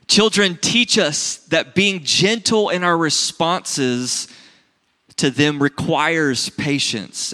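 A man's voice: mid-range voice, pushed and bright, long reverb tail. A man in his thirties preaching a sermon in an earnest, conversational way, often checking in with "right?". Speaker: pastor.

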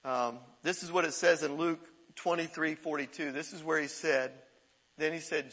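A man's voice: on the high side, fairly even intonation, normal speed, fairly bright tone, husky, rough recording. A middle-aged male pastor preaching a sermon in a conversational way, chuckling and repeating himself. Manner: conversational preaching with laughs and repetitions.

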